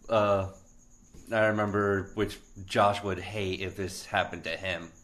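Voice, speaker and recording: A man from Florida casually recounting a memory on a podcast, in a halting way with restarts. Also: low voice, fairly even intonation, fairly bright tone. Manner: halting, full of fillers and restarts. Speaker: podcast co-host. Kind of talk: casual chat, storytelling.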